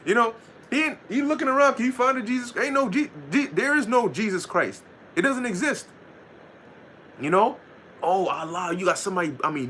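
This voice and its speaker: Lively, swearing man teaching scripture. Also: sits high, a little hiss or hum. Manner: loose, profane, reads verses slowly, laughs often. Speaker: Bible teacher. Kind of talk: casual scripture lesson.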